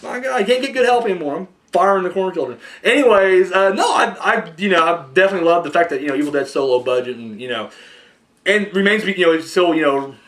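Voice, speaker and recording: A young man hosts a loose movie podcast, talking in a high voice that leaps around a lot. He rambles, swears freely, and acts out small scenes as he goes. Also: fast. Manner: rambling, profane, animated storytelling. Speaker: podcast host. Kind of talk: casual chat.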